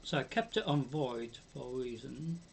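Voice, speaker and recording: A man's voice: medium pitch, animated, normal speed, gravelly, slight background noise. A British man commentating his own game on a live stream, musing aloud with many hums and ums.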